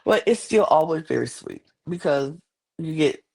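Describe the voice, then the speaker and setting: A woman recapping a show on her podcast in loose, casual chat. Her voice has a gravelly fry. She rambles, with frequent fillers and restarts. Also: low-pitched, expressive, normal speed, a little mellow.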